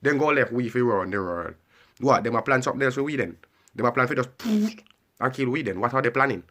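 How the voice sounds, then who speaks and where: Man, ranting monologue, repetitive, keeps asking questions, sharp tone. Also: medium pitch, very animated, fast. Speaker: vlogger.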